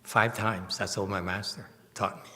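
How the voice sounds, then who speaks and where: A man's voice: lowish voice, flat delivery, moderate pace, sharp tone. A man giving a Dharma talk to a meditation class in a temple hall, blunt, emphatic and self-mocking. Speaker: meditation teacher. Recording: long hall reverb.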